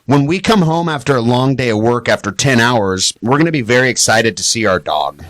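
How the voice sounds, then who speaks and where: A man talking as a dog trainer guest on a studio podcast, animated and explaining with acted-out examples. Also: brisk, no echo. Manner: animated, acts out high excited voices when quoting owners. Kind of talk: podcast interview.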